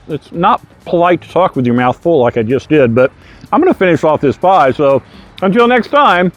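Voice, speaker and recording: A man's voice: fairly high pitch, lively intonation, moderate pace, lo-fi sound, soft background music. An older man, a real estate agent, narrating a casual video tour in a folksy, chatty way outside a bakery. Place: outdoors in front of a bakery.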